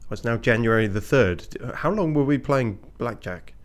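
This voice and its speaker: A man's voice: mid-range voice, animated, moderate pace. A man giving casual game commentary, muttering wry asides as he plays. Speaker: let's play streamer.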